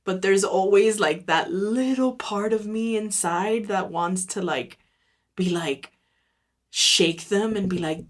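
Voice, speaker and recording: A woman's voice: medium pitch, slow pace. A woman hosting her own podcast, talking through her views in a candid, reflective monologue full of "like.". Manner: candid and unfiltered, leans heavily on "like"; reflective, talks through her thoughts aloud. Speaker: podcast host. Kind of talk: casual solo podcast monologue.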